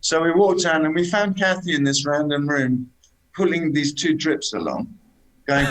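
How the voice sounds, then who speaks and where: A man telling lively travel anecdotes as a guest, dropping "man" into his sentences. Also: fairly high pitch, normal speed, slight background noise, poor audio. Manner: animated anecdotes, says "man" often. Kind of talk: casual storytelling chat.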